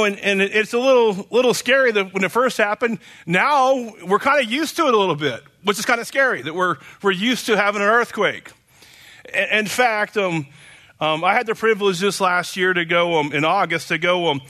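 A man's voice: high-pitched, bright, forceful tone. A man from Oklahoma preaching a casual sermon, rambling and chatty with many fillers and restarts.

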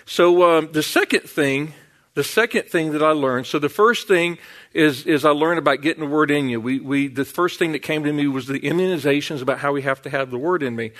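A man's voice: fairly high pitch, fairly bright tone. Folksy male preacher telling a story. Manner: storytelling, folksy, with 'Amen?' and 'Hallelujah'. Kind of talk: sermon.

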